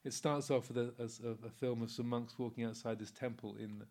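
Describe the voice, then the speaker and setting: A medium-pitched, fairly quick male voice belongs to a Buddhist monk in his sixties. He delivers a laid-back Dharma talk built on anecdotes, peppered with fillers and frequent chuckles.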